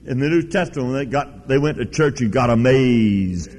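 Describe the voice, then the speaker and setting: A man's voice: medium pitch, lively intonation, normal speed, a little mellow. A man preaches a sermon, spinning a personal story with folksy emphasis. His voice sits in an ordinary middle register. It carries a long reverberant tail from a big hall.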